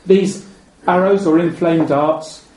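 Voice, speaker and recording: A man preaching a sermon. He is measured and repeats key phrases, and his voice drops low and soft at the ends of phrases. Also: steady tone. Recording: echoey room with faint ambient noise.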